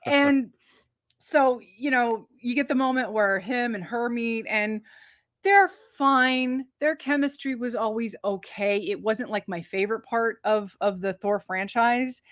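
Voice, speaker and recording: A woman co-hosting a movie review show, talking in a chatty, rambling way with quick asides and restarts. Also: on the high side, no echo, clean studio sound. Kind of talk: casual movie review chat.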